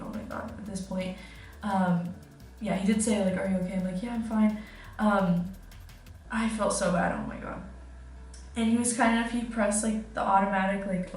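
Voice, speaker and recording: A woman's voice: medium pitch, darkish tone. Chatty young woman in an echoey room. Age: young adult. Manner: chatty storytelling, many "like"s and giggles. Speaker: study-abroad student vlogger. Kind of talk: casual vlog chat. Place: kitchen indoors. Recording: echoey room, distant mic, faint music.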